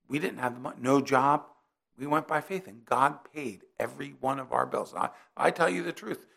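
Man, middle-aged, preacher, sermon, from New Jersey, very gravelly, husky, conversational, personal stories. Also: medium pitch, bright, forceful tone.

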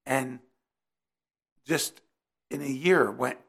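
A man's voice: medium pitch, very slow, creaky, fairly bright tone, husky. A middle-aged man from New Jersey preaching a sermon in a conversational way, weaving in personal stories.

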